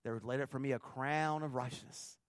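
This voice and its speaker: A man preaching a sermon with animated, joking, emphatic storytelling. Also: medium pitch, fairly quick, no echo. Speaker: pastor.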